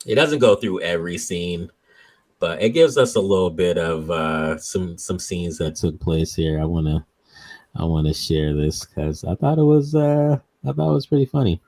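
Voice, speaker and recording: A man's voice: low voice, animated, moderate pace, a little mellow. Laughing man reviewing a movie. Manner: laughs often, swears casually, searches for words. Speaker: host of a movie review show. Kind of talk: casual reaction chat.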